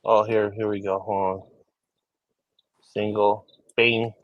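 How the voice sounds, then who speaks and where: A man's voice: lowish voice, level tone, takes it slowly, highs cut off. A man hosting a casual chat among growers, loose and profane in his banter. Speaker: host.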